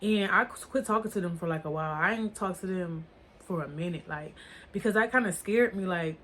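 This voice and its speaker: With slight background noise behind her, a storytime vlogger with a lowish, somewhat bright voice talks briskly. She rambles and swears through a casual story for viewers, saying "like" and "or whatever" over and over.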